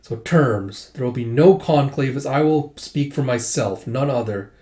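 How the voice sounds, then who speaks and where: A man reading an older male warlord doctor, cool, dry and measured. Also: medium pitch, lively intonation, mellow, echoey room, natural voice. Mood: cold.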